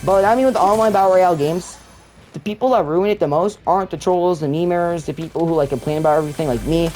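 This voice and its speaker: A man's voice: high-pitched, fast, darkish tone, soft background music, poor audio. A young man commenting on his own gameplay, rambling and complaining, with many fillers and restarts. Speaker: gamer. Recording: faint game noise and gunfire behind.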